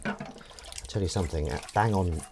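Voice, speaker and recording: A man's voice: low-pitched, normal speed, gravelly, noisy background. A man chatting casually on a live stream while washing up, rambling, joking and swearing freely.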